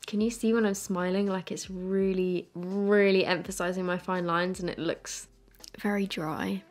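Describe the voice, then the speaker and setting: A woman's voice: on the low side, steady tone, a little slow. A young woman, chatting candidly to camera while reviewing makeup at home, with lots of "like" fillers. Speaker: beauty vlogger. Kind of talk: casual makeup review chat.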